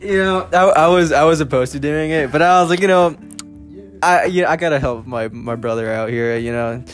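A man in casual chat among friends, relaxed, filling his speech with "you know". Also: on the high side, a little fast, over music. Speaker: friend on a podcast.

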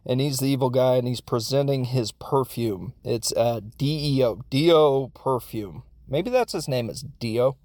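A man's voice: mid-range voice, moderate pace, few pauses, darkish tone. A man recapping a foreign film in a rambling, jokey way with lots of asides. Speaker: film reviewer.

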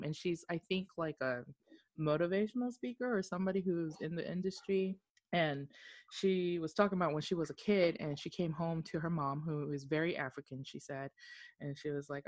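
A woman's voice: sits low, fairly bright tone. A woman co-hosting a casual podcast chat, telling stories loosely and swearing freely. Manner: storytelling, swears casually, laughs often. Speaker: podcast co-host.

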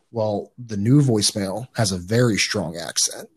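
A man's voice: fairly low pitch, fairly quick, hardly any pauses, husky. A man guest on a podcast, telling a story casually in a rambling way, with restarts and swearing.

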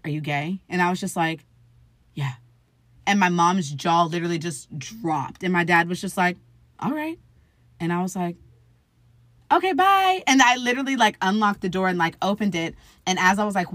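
Interview guest: woman, 20s, lowish voice, chatty storyteller who acts out quotes, dry recording. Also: steady tone, brisk, fairly bright tone, no echo. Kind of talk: casual conversational storytelling.

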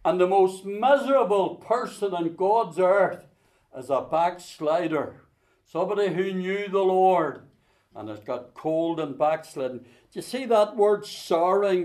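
A man preaching a sermon, booming out scripture, then dropping to a hush to tell a story. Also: measured pace. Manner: swings between loud emphatic scripture quoting and soft hushed storytelling.

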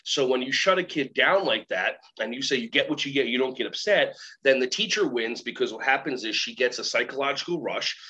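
Lively storytelling man, muffled sound. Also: medium pitch, fairly quick, hardly any pauses. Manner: animated, acts out quoted voices of kids and teachers. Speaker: guest, workshop trainer and keynote speaker. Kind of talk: storytelling interview talk. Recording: slightly muffled recording.

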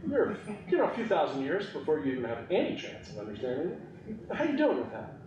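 A man voicing God speaking out of a storm, mighty and questioning, with slowed, emphatic delivery. The sound is roomy and heard from some distance. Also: a little high, huge pitch swings, lo-fi sound, crowd noise. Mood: playful boasting. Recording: echoey room, mic at a distance.

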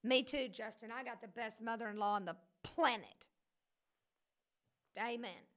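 A woman's voice: a little high, measured pace, a bit bright. A woman leading a casual livestream Bible study, preaching in a chatty, joking way that keeps wandering off into digressions.

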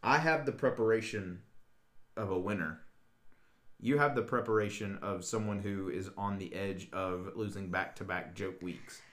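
A man's voice: deep voice, fairly even intonation, normal speed, a bit bright. A man co-hosting a podcast with his partner, teasing her in casual chat. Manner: teasing, playful banter with partner. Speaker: podcast co-host.

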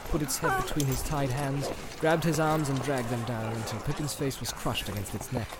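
A man reading an audiobook in steady storytelling narration. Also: medium pitch, moderate pace. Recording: background noise.

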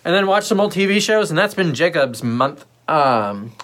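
A man's voice: on the high side, moderate pace. Rambling, chatty man on a livestream. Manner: loose, rambling, many fillers and asides; puts on lively voices when quoting others. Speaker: livestream host. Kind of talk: casual rambling livestream chat.

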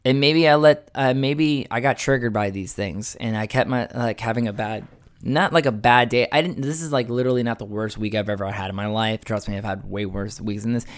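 A man rambles through a casual vlog monologue at an everyday mid pitch. He swears freely and keeps restarting, stacking filler words as he goes. He makes fun of himself as he talks. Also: a little fast. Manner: self-mocking, laughs at his own story. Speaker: vlogger.

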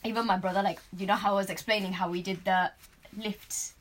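Animated woman telling stories. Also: mid-range voice, brisk, a loud crowd. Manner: animated storytelling, laughs a lot, gets loud when excited. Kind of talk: casual chat.

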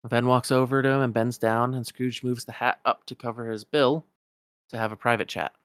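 A man's voice: medium pitch, steady tone, moderate pace, a bit bright, clear, resonant tone, no echo, clean studio sound. A man casually retelling a game's story, rambling and correcting himself as he goes.

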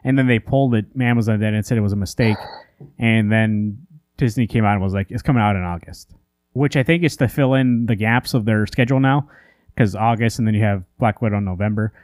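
A comic book podcast co-host with a lowish, slightly mellow voice talks briskly in casual chat, rambling with many fillers and restarts as he rants in exasperation. The studio sound is clean with no echo.

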